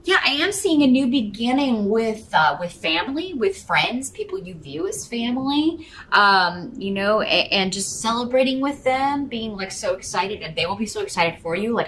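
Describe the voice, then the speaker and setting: A tarot reader speaks at a normal speed in an expressive, medium-pitched, fairly bright voice, addressing the listener directly as their star sign. The casual reading wanders and stalls, with fillers and restarts throughout, over a rough recording with slight background noise.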